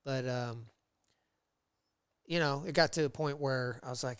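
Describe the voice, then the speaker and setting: A man guesting on a podcast, telling his work history in a rambling, casual way with many fillers, and getting animated when he retells old conversations. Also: mid-range voice, moderate pace, clear, resonant tone, no echo. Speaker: podcast guest, metal fabricator. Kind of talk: casual interview storytelling.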